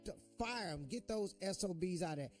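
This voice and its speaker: A man's voice: high-pitched, lively intonation, a little fast, faint music behind. Impassioned middle-aged male radio host. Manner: impassioned, preachy commentary. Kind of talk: morning radio talk.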